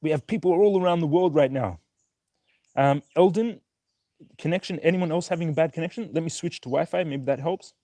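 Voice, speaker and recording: An upbeat young man hosts a casual stock market livestream, greeting viewers by name and place in a steady stream. His voice sits a little high for a man, with a mellow, warm tone. The sound is dry and close, with no room echo. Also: brisk. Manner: upbeat, reads viewer names and places one after another.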